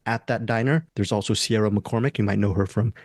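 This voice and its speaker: A man's voice: fairly low pitch, steady tone, fairly quick, a little mellow, no echo, clean studio sound. A man hosting a casual movie review podcast, talking enthusiastically and rambling with restarts. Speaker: podcast host.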